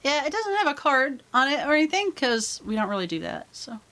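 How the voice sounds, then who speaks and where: A woman playing a tabletop game, chatty and animated, with frequent filler words. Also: high voice, a little fast. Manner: lively, chatty, lots of "like". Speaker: player.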